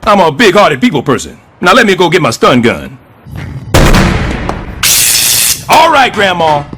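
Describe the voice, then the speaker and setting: A man voicing a brash, scheming middle-aged building superintendent in a cartoon, loud and sarcastic. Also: high-pitched, wildly swooping pitch, fairly quick, background noise. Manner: loud, sarcastic wisecracking, jumps between growls and squeals. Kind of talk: stop-motion cartoon voice acting.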